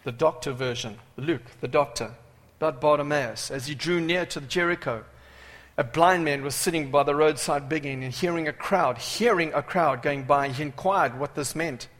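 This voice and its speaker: A man preaching a sermon with dramatic swings from loud cries to hushed asides. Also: a little high, normal speed. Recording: reverberant hall.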